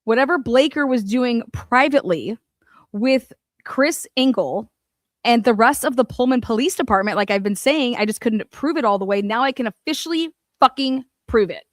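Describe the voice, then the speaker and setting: Excitable, swearing woman commentator. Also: fairly high pitch, moderate pace, dry recording, clean studio sound. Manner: excitable and profane, swinging from muttering to loud exclamations. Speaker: online true-crime commentator. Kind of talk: casual commentary while reading documents.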